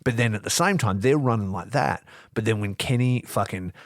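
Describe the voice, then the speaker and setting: A man's voice: fairly low pitch, normal speed, no room sound, clean studio sound. A man co-hosting a wrestling podcast, telling stories in a loose, profane style and acting out quotes. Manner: animated, profane storytelling with acted-out quotes. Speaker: podcast co-host. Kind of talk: casual wrestling review chat.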